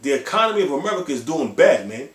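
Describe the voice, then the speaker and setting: A man's voice: on the high side, very animated, fast talker. A man preaching with fiery emphasis on a livestream. He is blunt and profane, and he ends phrase after phrase with "man.". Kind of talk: impassioned religious preaching. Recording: echoey room.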